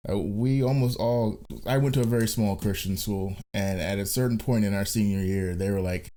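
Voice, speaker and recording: A man's voice: on the low side, moderate pace, mellow. A man co-hosting a podcast in casual chat, telling wry stories and laughing at them. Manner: wry storyteller, laughs at his own stories. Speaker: podcast co-host.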